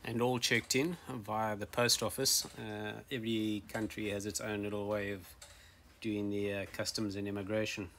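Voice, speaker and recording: A man narrating a casual sailing travel vlog, relaxed and hesitant with frequent ums and uhs, recorded outdoors on a handheld camera. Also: on the low side, moderate pace. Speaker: sailing vlogger. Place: outdoors on an island. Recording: windy outdoor noise.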